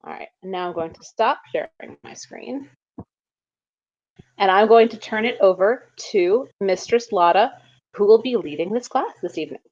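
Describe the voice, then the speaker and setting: A woman moderating an online class, reading a formal conduct notice briskly before handing over. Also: mid-range voice, lively intonation, a little mellow. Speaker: event moderator. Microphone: computer mic on a video call. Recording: dull lo-fi video call audio.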